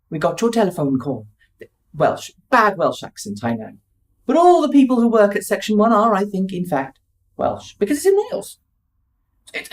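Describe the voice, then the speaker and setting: A woman's voice: fairly high pitch, a little mellow. A tired woman from the UK telling a wry, digressive story in a chatty vlog monologue. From United Kingdom. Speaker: vlogger.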